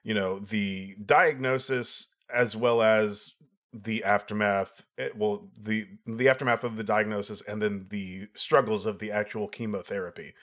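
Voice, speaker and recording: Lower-voiced man giving thoughtful film critique. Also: steady tone, measured pace, fairly bright tone. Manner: thoughtful, explains at length. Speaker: podcast co-host. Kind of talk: casual film review chat.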